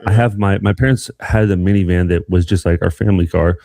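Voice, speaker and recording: A young man co-hosting a podcast, telling a rambling, animated story in casual chat. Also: low voice, fairly quick, creaky, dry recording, clean studio sound. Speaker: podcast co-host.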